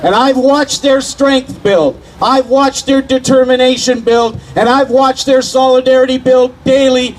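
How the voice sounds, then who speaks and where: A man with a very high voice delivers a fiery union rally speech outdoors. He builds his points through repetition and rises to shouts, and faint background noise runs underneath. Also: steady tone, normal speed, hardly any pauses, poor audio. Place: outdoor rally outside a company headquarters.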